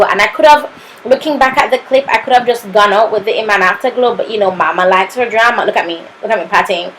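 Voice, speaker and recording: A woman's voice: mid-range voice, fairly bright tone, a little hiss or hum, low-quality recording. A young woman with a Jamaican accent narrating a makeup tutorial, sassy and playful, tossing in "honey" and "papito" as she goes. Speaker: makeup artist.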